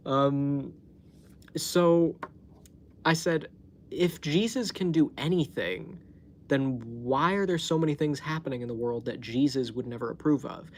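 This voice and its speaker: On his own live stream, filmed by phone at home, a man unhurriedly tells a story, chatting casually, laughing frequently and swearing freely. His voice is medium in pitch, and a little hiss or hum is audible.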